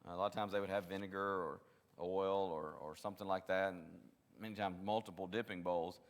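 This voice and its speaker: A man's voice: low-pitched, fairly even intonation, brisk, in a large hall. A man leading a Bible study, teaching conversationally, often restarting his sentences and acting out quotes. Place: church classroom.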